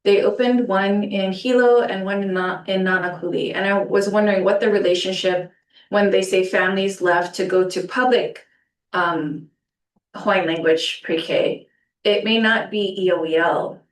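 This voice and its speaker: A woman's voice: medium pitch, fairly even intonation, normal speed. A woman board member at a public meeting, reasoning aloud and asking questions with frequent fillers. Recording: echoey room, distant mic.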